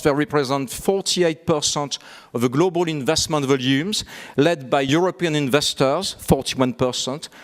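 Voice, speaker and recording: A man with a fairly high voice delivers prepared remarks at a conference. He speaks in a measured way and steps through figures and trends. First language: French. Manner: measured, listing facts and figures. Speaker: keynote speaker. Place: conference hall.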